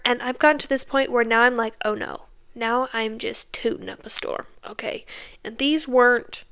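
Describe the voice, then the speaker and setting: Chatty young woman podcast host, smooth voice. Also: a little high, a bit bright. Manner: chatty, keeps tagging lines with "okay?"; self-mocking, candid. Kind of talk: casual confessional storytelling.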